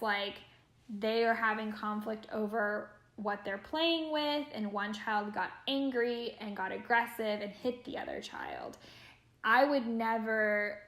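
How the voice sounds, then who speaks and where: A woman's voice: medium pitch, a bit bright. Earnest woman in an echoey room. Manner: earnest, reflective, says "like" often. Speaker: caregiver. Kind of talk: training talk.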